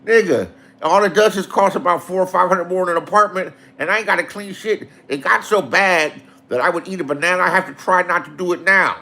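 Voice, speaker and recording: A man's voice: high-pitched, fairly quick, sharp tone. A man casually telling rambling, profane stories and acting out the people in them. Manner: crude, laughing, rambling, acts out quotes.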